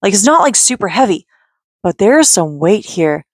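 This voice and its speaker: A woman's voice: medium pitch, very animated, normal speed, dry recording, studio quality. A woman vlogging to camera, rambling with restarts and nervous laughs, audibly exhausted after a hard day. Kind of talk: emotional personal vlog talk.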